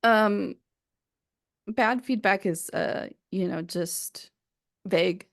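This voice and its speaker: Chatty woman with a gravelly edge. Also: mid-range voice, slow pace, no echo, studio quality. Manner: chatty, many fillers and restarts. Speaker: podcast co-host. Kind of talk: casual chat.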